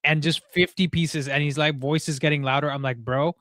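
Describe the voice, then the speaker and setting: A young man hosting a live football call-in show, talking casually and quickly with lots of "bro" and "like", tired from little sleep. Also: on the high side, no room sound, studio quality. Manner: animated, talks fast, says "bro" and "like" a lot. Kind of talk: casual live-stream chat.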